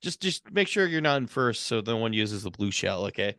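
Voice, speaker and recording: A man's voice: lowish voice, big pitch swings, fairly quick, pushed and bright, no room sound, clean studio sound. A man co-hosting a casual podcast who says uh a lot and laughs easily. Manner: many uh fillers, laughs easily, upbeat. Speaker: podcast co-host.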